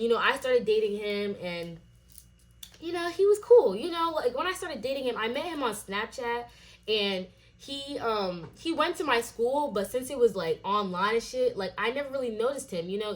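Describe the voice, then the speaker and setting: A young adult woman telling a personal story in a casual vlog, animated and full of fillers and swearing. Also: medium pitch. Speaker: vlogger.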